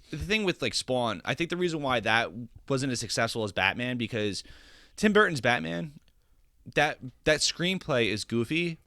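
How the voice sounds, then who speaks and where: A young man talking on a casual podcast, looping back through restarts and filler words as he goes. His voice is bright and forceful, and the recording is dry, with no room in it. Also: mid-range voice, dry recording. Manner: rambling, many restarts and filler likes. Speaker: podcast co-host.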